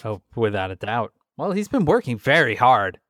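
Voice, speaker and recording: A man's voice: mid-range voice, big pitch swings, moderate pace, a bit bright, dry recording. A man in his forties co-hosting a casual podcast from his home basement, with dry, joking banter. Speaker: podcast co-host. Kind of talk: casual chat.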